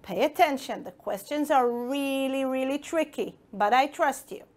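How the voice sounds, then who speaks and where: A woman's voice: sits high, normal speed. A woman with an Israeli accent teaching an English lesson to children, encouraging them and asking them questions. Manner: encouraging, addresses pupils directly with questions. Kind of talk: broadcast school lesson for children.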